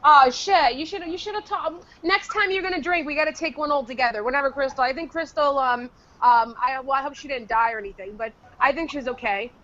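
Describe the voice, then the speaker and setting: High-voiced teasing woman. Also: a little fast, bright, forceful tone, highs cut off. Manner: teasing, crude, laughs often. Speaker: podcast co-host. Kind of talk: casual chat.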